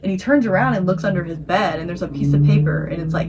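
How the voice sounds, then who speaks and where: A woman co-hosting a podcast, telling a campfire scary story in a rambling, animated way and acting out the voices. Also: on the low side, fast talker, heavy background noise. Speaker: podcast co-host. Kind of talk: casual storytelling chat.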